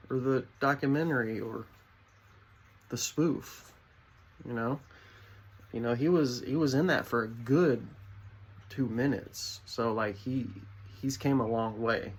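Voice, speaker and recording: A young adult man giving a rambling, deadpan comedic monologue to his viewers. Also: mid-range voice, a little slow, pauses often, slightly rough. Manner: rambling, deadpan, with many fillers. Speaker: vlogger.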